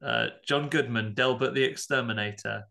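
Bright, animated podcast man. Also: medium pitch, normal speed, gravelly. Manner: animated, swears, acts out characters. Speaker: podcast co-host. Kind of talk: casual chat recapping a film.

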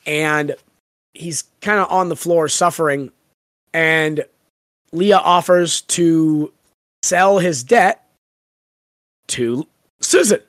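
A podcast co-host in casual book-discussion chat, animated and playful, acting out scenes. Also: mid-range voice, slow, long pauses, no echo, studio quality.

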